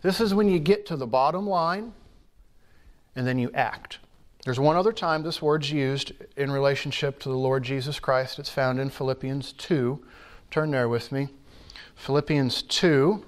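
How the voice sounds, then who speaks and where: A pastor preaching a sermon in a church, teaching in an earnest, emphatic way with measured pauses. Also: male voice, medium pitch.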